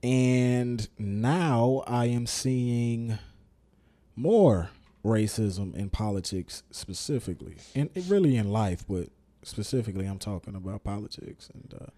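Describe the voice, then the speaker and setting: A man's voice: lowish voice, lively intonation, measured pace, mellow. A man co-hosting a casual podcast, blunt and emphatic, swearing freely. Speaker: podcast co-host. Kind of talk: casual chat.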